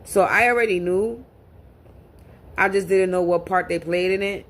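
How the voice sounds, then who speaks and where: A woman's voice: fairly low pitch, normal speed. A woman speaking to camera in a casual monologue as a spiritual reader, talking bluntly and profanely and often repeating words as she restarts.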